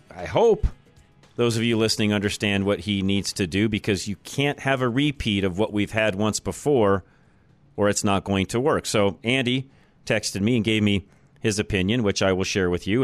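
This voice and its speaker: Recorded on a studio microphone with no echo, a fairly low-pitched American man hosts a talk radio show. His monologue is blunt and opinionated, and he repeats points to drive them home.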